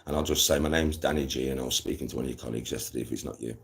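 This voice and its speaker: A young man chatting to his live-stream viewers in a casual, animated way, full of slang and swearing. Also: a bass voice, racing, gravelly. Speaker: livestreamer.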